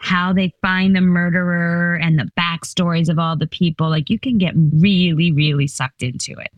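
A woman in her fifties talks as a guest in an interview. Her voice sits low and sounds close and dry. She chats and laughs her way through stories. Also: fairly even intonation, moderate pace, no room sound. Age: 50s. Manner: chatty, laughing, storytelling with playful voices. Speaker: comedian guest. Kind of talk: casual interview chat.

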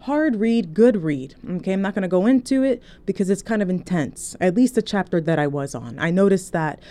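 A woman telling a casual story to her phone, chatty and animated, often checking in with "okay?". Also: lowish voice, brisk. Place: indoors, recording on a phone.

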